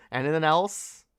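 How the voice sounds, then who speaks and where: A young woman hosting a livestream speaks in a slow, unhurried drawl with a smooth, resonant voice. She rants sarcastically, swears freely and laughs often. The sound is dry and close, with no room echo. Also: sits low. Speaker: livestream host. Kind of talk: casual late-night livestream rant.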